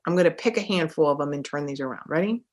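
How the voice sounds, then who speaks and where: A woman coach delivers a motivational podcast monologue, pressing her points with energy and repetition. Her voice sits a little lower than most women's. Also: fast. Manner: energetic and emphatic, repeats phrases for effect. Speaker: life coach and podcast host.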